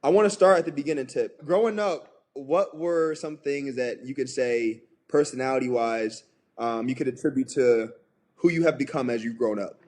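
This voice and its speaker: Man, young adult, podcast host, easygoing, conversational, medium pitch. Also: normal speed, darkish tone. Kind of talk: casual podcast hosting.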